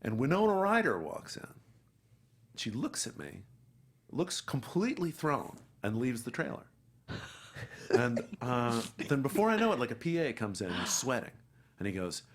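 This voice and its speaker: A middle-aged man, an actor guest, telling an animated story and acting out the people in it. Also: mid-range voice, moderate pace. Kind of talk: anecdotal storytelling.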